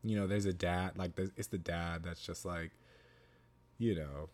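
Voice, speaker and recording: A man's voice: low-pitched, steady tone, measured pace, darkish tone. A man giving a casual spoken film review, rambling with lots of fillers and restarts, and repeating phrases for emphasis. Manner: emphatic, repeats himself for stress. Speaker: movie reviewer.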